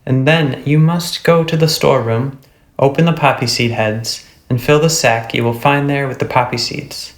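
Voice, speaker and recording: A man voicing a menacing, suspicious old witch who growls her threats in a low, hushed voice. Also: fairly even intonation, normal speed, roomy sound, close to an everyday voice. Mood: commanding.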